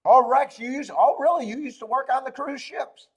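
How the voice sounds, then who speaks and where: With a very high, breathy-edged voice, a man in his thirties talks briskly while hosting a live streaming show. He chats casually, reads the live chat, rambles with frequent laughs, and swears freely.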